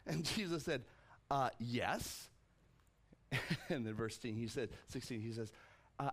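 A middle-aged man preaching a sermon as pastor, animated and loose, restarting and repeating words and acting out the quotes he reads. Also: unhurried, pauses often, slightly rough. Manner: animated, acts out quotes with jumps in pitch.

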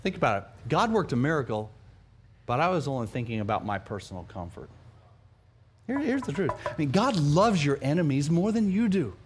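A man from New Mexico, a pastor, preaching a sermon with animated, humorous storytelling and self-deprecating asides. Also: fairly high pitch, fairly quick, slight background noise. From New Mexico, USA.

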